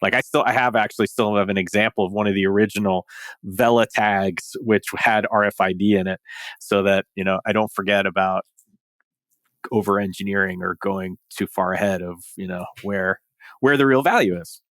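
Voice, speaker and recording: A man's voice: on the low side, fairly even intonation, normal speed, a bit bright, dry recording. A man, a startup founder, telling his story in a casual interview, rambling with many restarts. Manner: rambling, full of restarts and fillers.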